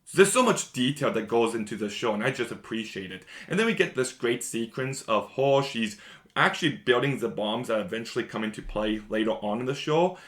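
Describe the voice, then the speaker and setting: A man's voice: medium pitch, expressive, brisk, a bit bright. A man giving a casual, rambling spoiler review of a show, enthusiastic and repeating himself often.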